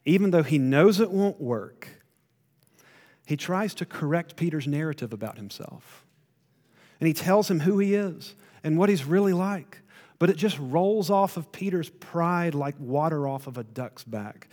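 A man preaching a sermon, retelling a story with emphatic rises and quiet drops. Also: a little high, moderate pace, long reverb tail. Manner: storytelling, rising to emphatic then dropping to quiet.

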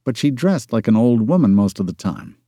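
A male audiobook narrator reading a romance novel in even, measured scripted narration. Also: medium pitch, no echo, studio quality.

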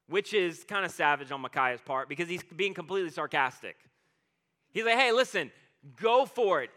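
A man preaching a sermon in an energetic, conversational way, retelling scripture in his own words. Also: a little high. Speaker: pastor.

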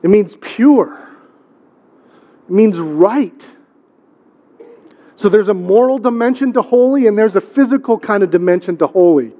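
A middle-aged pastor's dark, high-sitting voice moves a little slowly, with lively intonation and long pauses. He preaches conversationally in a church sanctuary, repeating words for emphasis and asking rhetorical questions, and the recording has long hall reverb.

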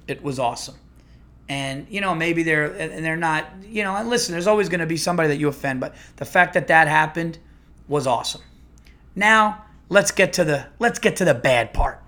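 Middle-aged male comedian, casual podcast storytelling, slightly higher pitch, lively restarts. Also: moderate pace. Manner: rambling, animated, with restarts and acted-out quotes.

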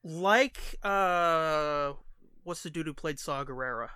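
A man co-hosts a podcast in loose, animated banter, tossing out jokes and quick impressions. His voice sits fairly high with a bright, ringing tone. The sound is dry and close to the mic. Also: smooth, no room sound. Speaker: podcast co-host. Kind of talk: casual chat.

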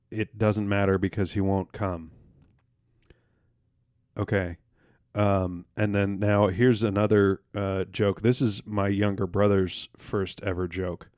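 A man co-hosting a podcast, telling jokes in a rambling, halting way with lots of fillers and restarts and casual swearing. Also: low voice, flat delivery, a little mellow, no echo, studio quality. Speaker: podcast co-host.

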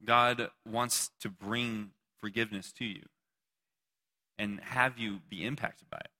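A man's voice: on the low side, fairly even intonation, unhurried, sharp tone. A man preaching a casual, joking sermon to a live group, asking questions and talking back with listeners. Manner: casual, joking, talks to the audience.

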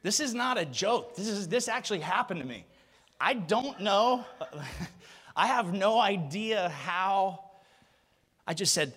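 A man in his thirties preaching a sermon, telling a story and acting out the voices of the people in it. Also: sits high. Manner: animated storyteller, acts out voices.

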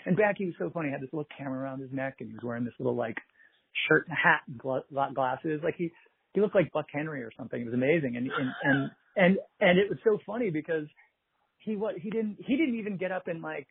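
A man, a festival producer, telling animated anecdotes in a casual interview, quoting people and laughing often. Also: a little high, fast talker, dry recording. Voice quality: husky, gravelly. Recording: tinny phone-like line.

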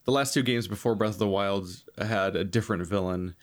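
A man's voice: lowish voice, brisk. A man in casual conversation about video games, laughing often and swearing.

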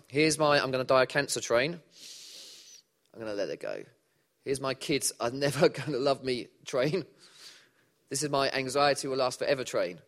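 Animated man preaching. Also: medium pitch. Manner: animated, conversational preaching with audience questions. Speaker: pastor. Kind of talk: sermon.

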